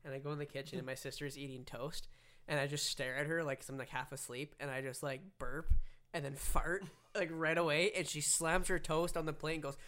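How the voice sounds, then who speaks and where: A man's voice: a little high, fairly even intonation, fairly quick, a bit bright. A young man co-hosting a casual podcast with friends, laughing as he tells his own stories. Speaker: podcast co-host. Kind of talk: casual chat among friends.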